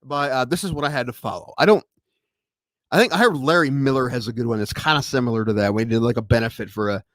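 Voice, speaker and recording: A man hosting a solo stream, chatting casually and rambling from thought to thought, growing excitable as he tells stories. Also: mid-range voice, fast, no echo. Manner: scattered and rambling, with many restarts, then excitable when telling a story. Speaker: podcast host streaming solo.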